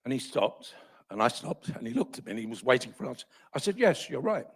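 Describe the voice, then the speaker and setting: Older male storyteller, husky and animated, self-deprecating. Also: mid-range voice, quick pace. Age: 70s. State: voice failing, coughing. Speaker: guest speaker. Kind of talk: anecdotal storytelling at a talk.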